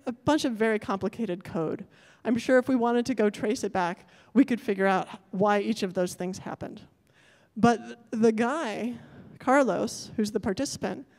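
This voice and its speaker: A woman's voice: medium pitch, a little mellow. A woman addresses a conference audience from the stage, her voice carrying a long reverb through a large lecture hall. She talks in a thoughtful, searching way, restarting and reworking her sentences as she goes. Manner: thoughtful, self-correcting, apologetic about technical glitches. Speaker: conference speaker. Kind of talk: academic conference talk.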